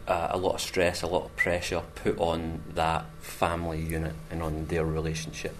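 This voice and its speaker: A man, an actor, talks about his character in a measured way, searching for words. His voice is very deep, with a faint hum of ambience behind. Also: completely flat delivery. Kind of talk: interview.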